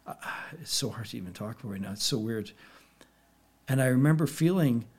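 Quiet reflective man telling a story. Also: mid-range voice. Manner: quiet and reflective, with pauses and restarts. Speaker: podcast guest. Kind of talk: personal storytelling in an interview.

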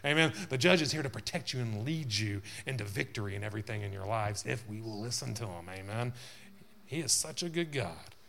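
A man's voice: on the low side, animated, fairly quick, creaky, bright, forceful tone, a little hiss or hum. A male pastor preaching a sermon to his church, building in intensity with frequent amens.

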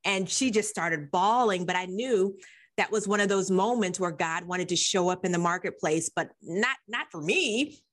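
A woman's voice: medium pitch, moderate pace, fairly bright tone. A woman hosting a casual faith talk, affirming her guest and telling her own story with fillers.

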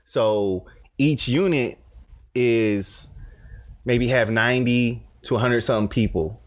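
A man's voice: mid-range voice, takes it slowly, no echo. A young man co-hosting a podcast in loose, slang-heavy casual chat. His voice sits mid-range, and his storytelling rambles with restarts. It is recorded on a close mic in a dry room. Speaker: podcast co-host.

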